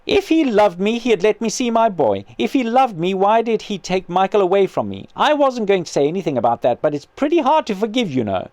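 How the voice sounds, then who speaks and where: A man reading out a snappish ghost mother, high and strained, her voice leaping up in sharp indignant bursts, close and dry. She demands and complains, bitter and possessive. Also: big pitch swings, a little fast, hardly any pauses, no echo.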